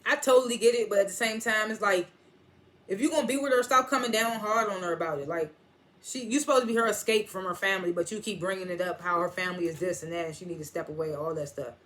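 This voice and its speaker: A woman's voice: medium pitch, fast talker, fairly bright tone. A young adult woman chatting casually as she recaps a TV episode, retelling scenes in quoted snippets and speaking frankly. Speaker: TV episode reviewer.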